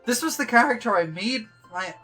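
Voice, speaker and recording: A young woman chats her way through a game stream. Her voice is bright and clear, rambling along with plenty of fillers and playful repeated jokes. Faint game music plays underneath. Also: a little high, expressive, moderate pace. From Yorkshire, England. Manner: chatty and rambling, with lots of likes and ums. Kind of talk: casual livestream chat.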